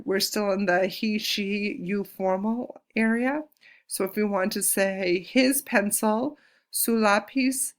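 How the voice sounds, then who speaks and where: Casting note: woman, Spanish teacher, gravelly edge, patient and clear, slows down to model words. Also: mid-range voice. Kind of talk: recorded classroom lesson.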